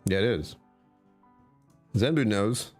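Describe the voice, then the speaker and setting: A man's voice: on the low side, slow pace, a little mellow, faint music behind. A man streamer chatting casually with his live chat, answering comments and laughing often.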